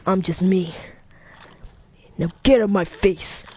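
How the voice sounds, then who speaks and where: Bakugo, a woman doing a gruff hot-headed boy. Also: lowish voice, slow pace, darkish tone, a little hiss or hum. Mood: threatening. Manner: gruff, threatening, blunt. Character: hot-headed teen boy with explosive temper.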